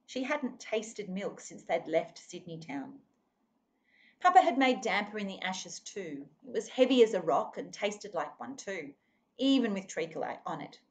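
A woman's voice: medium pitch, big pitch swings, measured pace. A woman reading a children's novel aloud expressively, now and then speaking to her listeners. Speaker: reader.

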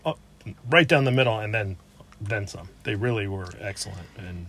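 A man's voice: on the low side, normal speed, a bit bright, slight background noise. A man co-hosting a brewery review, chatting in a laid-back way and laughing often as he talks. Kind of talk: casual chat.

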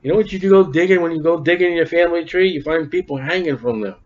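A man's voice: fairly high pitch, fast talker. A man preaching a sermon, reading scripture aloud and breaking off for wry, folksy joking asides. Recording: dull lo-fi recording.

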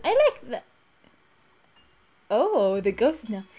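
A woman's voice: fairly high pitch, wildly swooping pitch, slow pace, mellow, faint music behind. A young woman hosting a gaming channel, giggling and talking to herself as she plays. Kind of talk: let's play commentary.

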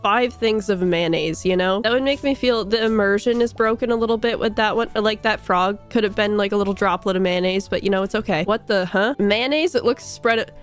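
A young woman giving casual, excitable commentary while playing a game, giggling often and tossing out quick silly asides. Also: medium pitch, faint music behind. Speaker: gaming video creator.

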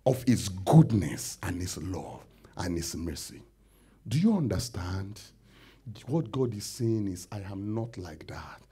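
A man preaching a sermon as pastor, swinging between loud shouts and low near-whispers, acting out pleading prayers. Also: lively intonation, moderate pace, breathy edge. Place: church hall.

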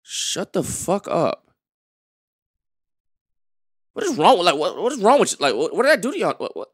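High, animated male streamer. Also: very fast, slightly rough. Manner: animated, swings from mumbling to loud, talks to chat. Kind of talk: livestream reaction commentary.

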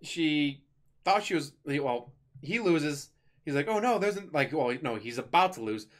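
A man's voice: on the high side, a little slow. A man giving a casual spoken movie review, chatty and rambling, with offhand jokes as he retells the plot.

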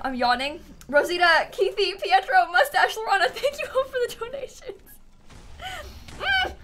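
A woman streaming a video game live, muttering softly to herself, then shrieking and laughing when things go wrong. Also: a little high, a little hiss or hum. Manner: excitable, shrieks and laughs at setbacks. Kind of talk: live gameplay commentary.

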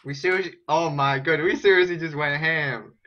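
Bright-voiced excitable gaming host. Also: male voice, fairly high pitch, moderate pace, dull audio. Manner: teasing, excitable, laughing. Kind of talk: casual gameplay chat.

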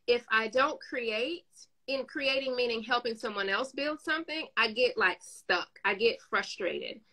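A woman's voice: a little high, a little slow, poor audio. A woman with a New York accent, a business owner and coach, telling stories in casual conversation and acting out the quotes. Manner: animated storytelling, acts out quotes.

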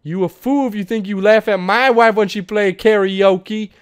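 A man's voice: high voice, fairly even intonation, moderate pace, clear, resonant tone, dry recording, clean studio sound, lightly acted. A man voicing a brash, trash-talking male mob boss who taunts a rival in swaggering slang. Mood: taunting.

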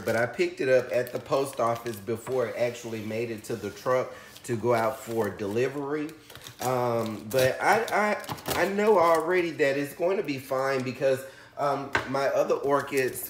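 Guy gushing over an unboxing, slow drawl, keeps saying honey, squeals a lot, echoey room. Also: medium pitch. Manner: effusive, calls viewers honey, shrieks with excitement. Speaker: orchid channel host. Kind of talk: casual unboxing vlog. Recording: echoey room, faint background hiss.

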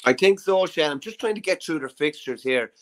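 A man's voice: on the high side, lively intonation, fairly quick, rough recording. Chatty Irish man co-hosting sports talk. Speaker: podcast co-host. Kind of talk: casual sports chat.

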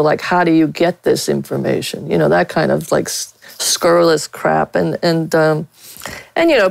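Woman from pittsburgh, gravelly voice, blunt and laughy, dry close mic. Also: on the low side, no echo, low-quality recording. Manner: blunt, laughing storyteller with many fillers. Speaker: sportswriter guest. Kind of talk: casual interview talk.

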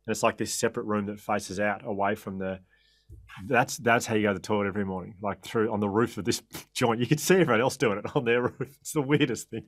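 An Australian man talks as an interview guest, recounting stories with energy, quick laughs and frequent self-corrections. His voice sits a little low. The sound is dry and close, with no room around it. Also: no room sound. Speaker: podcast guest. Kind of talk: anecdotal interview storytelling.

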